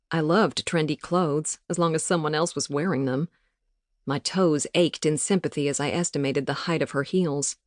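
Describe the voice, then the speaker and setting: A woman reading a novel aloud as an audiobook narrator, in a measured storytelling manner, recorded close in a booth. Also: sits low, no room sound. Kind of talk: scripted narration. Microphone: studio mic, close.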